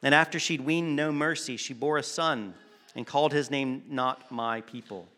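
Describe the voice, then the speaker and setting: Bright-voiced man preaching earnestly. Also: medium pitch, fairly even intonation. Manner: earnest, emphatic, with restarts and rhetorical pauses. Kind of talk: sermon.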